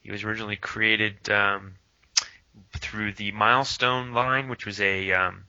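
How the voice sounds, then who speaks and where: A man's voice: fairly low pitch, flat delivery, a little slow, bright, forceful tone, no echo. A man co-hosting a casual chat, hesitant and full of fillers but enthusiastic. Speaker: podcast co-host. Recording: dull lo-fi sound.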